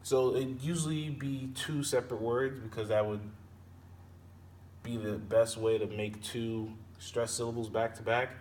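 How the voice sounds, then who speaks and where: A man's voice: mid-range voice, steady tone, a little mellow. Man explaining poetry from a distance. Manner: explains slowly, repeating and sounding out words. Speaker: teacher. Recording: distant mic with faint background noise.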